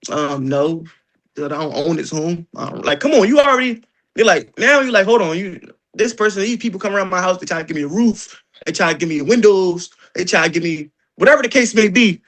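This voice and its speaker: A man leading an energetic sales training session, joking and acting out doorstep exchanges. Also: sits high, fairly quick.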